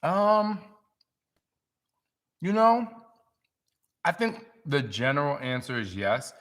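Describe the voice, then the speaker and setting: Man, forties, live-stream host, bright tone, animated, emotional storytelling. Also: a little high, takes it slowly. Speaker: fitness trainer hosting a live stream. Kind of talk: casual live-stream chat.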